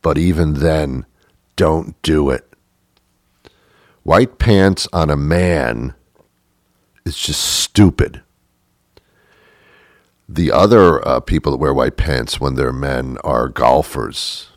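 A man hosting a comic monologue, ranting in a deadpan way with emphatic repetitions. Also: extremely low pitch, slow, pauses often, dry recording, clean studio sound. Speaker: host.

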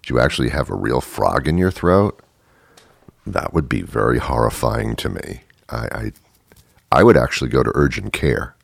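A man's voice: rumbling low, expressive, moderate pace, vocal fry, slightly rough, no room sound. A man hosting a radio show, rambling through a dry, self-mocking comic monologue and chuckling as he goes.

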